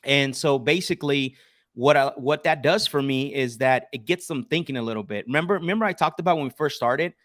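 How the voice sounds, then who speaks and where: A man's voice: mid-range voice, a little fast, a bit bright, no echo, clean studio sound. A man coaching sales on a live stream, making cold calls and explaining them in an assertive teaching tone, often restarting his sentences.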